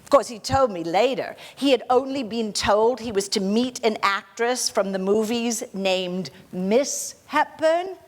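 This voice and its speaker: A woman's voice: fairly high pitch, animated, a little slow. A woman portraying a gracious aging screen star. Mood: fond, amused. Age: 60s. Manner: soft, gracious storytelling with frequent light laughter. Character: gracious aging film actress reminiscing, gentle and modest. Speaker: actor in a one-woman portrayal. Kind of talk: theatrical monologue. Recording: long reverb of a hall.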